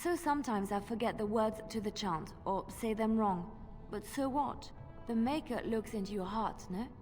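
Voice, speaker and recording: An actress voicing a devout, earnest young woman in a video game, talking in a reflective, quietly defiant way. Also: fairly high pitch, moderate pace, long reverb tail, faint music behind, natural voice.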